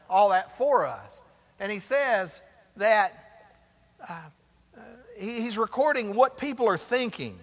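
Man pastor, high bright voice, preaching sermon with call-and-response, church hall reverb.

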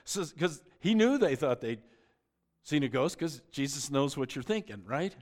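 A man's voice: mid-range voice, big pitch swings, normal speed. A middle-aged man preaching a sermon, telling the story with joking asides and often restarting his sentences. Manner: frequent stammered restarts. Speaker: pastor.

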